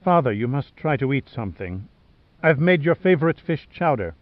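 A man voicing a caring grown daughter who speaks in a soft, gently coaxing way. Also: medium pitch, big pitch swings, moderate pace, no room sound, phone-quality sound, close to an everyday voice. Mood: gentle.

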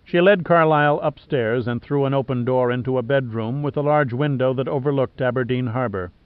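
A man narrating an audiobook in a measured, even storytelling manner. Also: medium pitch, smooth, no echo. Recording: dull, dry studio recording.

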